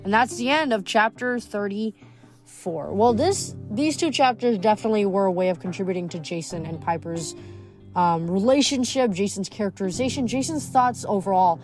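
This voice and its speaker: A woman's voice: mid-range voice, moderate pace, a little mellow, faint music behind. Woman reading a novel aloud. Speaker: reader.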